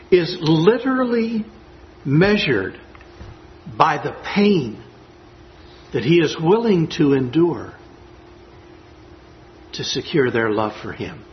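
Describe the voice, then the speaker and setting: A man's voice: on the high side, highs cut off, slight background noise. A man preaching a sermon, earnest and emphatic as he reads scripture and reflects on it. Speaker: pastor.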